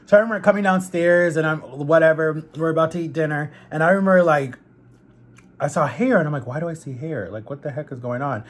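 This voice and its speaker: Husky young guy, bit high voice, chatting to camera while he eats, animated storytelling. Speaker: vlogger. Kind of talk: casual storytelling while eating.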